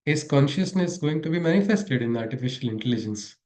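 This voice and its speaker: A man's voice: mid-range voice, lively intonation, brisk, a little mellow. A man giving a spiritual lesson, telling stories, often chuckling and asking his audience questions. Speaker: spiritual teacher. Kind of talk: storytelling spiritual lecture. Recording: echoey room.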